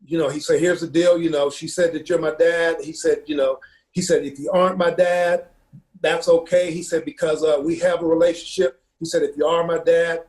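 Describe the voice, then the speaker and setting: A man, a football coach from Ohio, telling a personal story in an earnest, halting way, with many fillers and repeated words. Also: on the high side, darkish tone.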